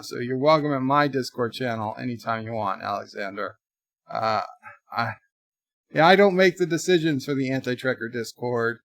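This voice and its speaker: A man hosting a casual livestream, rambling through deadpan joke answers to viewer messages in a put-on mock accent. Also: medium pitch, dry recording, clean studio sound. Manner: rambling, jokey deadpan nonsense. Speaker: livestream host.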